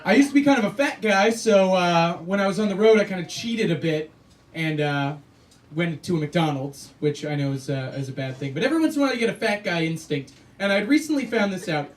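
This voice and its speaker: High-voiced stand-up comic, distant live club. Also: male voice, lively intonation, brisk. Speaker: stand-up comedian. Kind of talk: stand-up set. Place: small cafe club stage.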